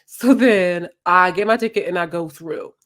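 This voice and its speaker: A woman's voice: on the low side, moderate pace. A woman hosting a podcast, telling a story in casual, slangy chat. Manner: animated, slangy, acts out quotes. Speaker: podcast host.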